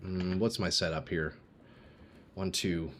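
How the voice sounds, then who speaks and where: A man's voice: deep voice, fairly even intonation, slow pace, a bit bright, slight background noise. A man streaming a game live, chatting casually with viewers and reading their messages aloud, with sudden bursts of hype, on a desk microphone at his home gaming setup. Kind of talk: live-stream commentary while playing.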